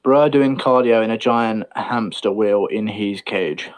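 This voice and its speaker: A man's voice: fairly low pitch, a little slow, few pauses. A man from Britain, chatting casually on a livestream with rambling, profane opinions. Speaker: stream host.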